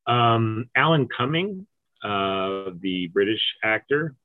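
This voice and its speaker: A man hosting a podcast in casual, joking chat, halting with fillers. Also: on the low side, lively intonation, no echo, narrow, tinny audio. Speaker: podcast host.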